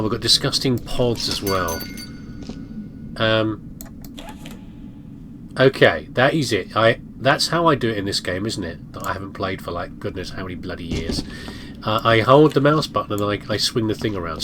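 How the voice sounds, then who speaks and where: A man talks through a video game in a loose, joking way, teasing himself and scolding things on screen. His voice rises and falls a great deal. A clear hiss of background noise sits under the recording. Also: on the low side. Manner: chatty, self-mocking, talks to viewers and objects. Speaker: let's play gamer. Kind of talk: casual gameplay commentary.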